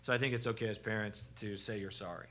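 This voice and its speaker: A man on a church parenting panel, telling a story with a self-deprecating, halting delivery full of restarts. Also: on the low side, fairly even intonation, pushed and bright.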